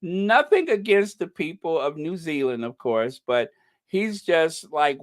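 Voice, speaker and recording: A male host gives unhurried, casual commentary and reacts to each item with incredulous, gossipy asides and frequent chuckles. His voice sits at a middle pitch. The recording is dry and close, with no room echo. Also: clear, resonant tone. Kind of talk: casual commentary on news and social media posts.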